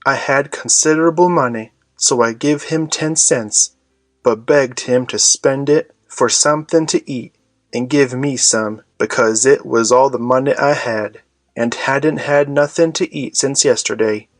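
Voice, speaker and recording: A man narrating an audiobook in a measured storytelling manner. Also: medium pitch, no echo.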